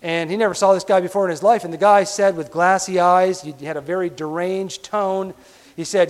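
A man preaching a sermon as pastor, emphatic, often dropping to a quiet, low delivery. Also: fairly even intonation, normal speed. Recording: long hall reverb.

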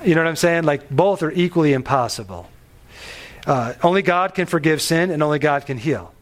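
A man preaching a sermon on a Bible passage, animated and emphatic, pushing his voice up on key phrases. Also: a little high, brisk. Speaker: pastor.

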